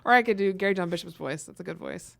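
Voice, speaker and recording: A woman co-hosting a podcast in relaxed conversation. Her voice sits low with a gravelly, fry-edged texture. She speaks earnestly and laughs easily. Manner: earnest, quick to laugh, affirming. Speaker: podcast co-host. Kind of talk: casual chat.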